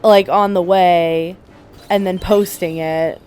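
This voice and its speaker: Her voice is fairly low, steady, slow and a little mellow. A woman co-hosting a gaming podcast, she makes casual conversation during a playthrough and brings stories to life with acted-out quotes.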